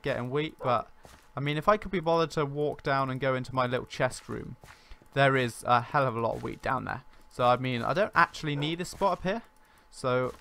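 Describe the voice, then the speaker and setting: A man hosting a casual let's-play, talking in a chatty, rambling way on a boom-arm desk mic at home. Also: a bit bright, a little hiss or hum. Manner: chatty and rambling, with many "like" fillers. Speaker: gaming channel host.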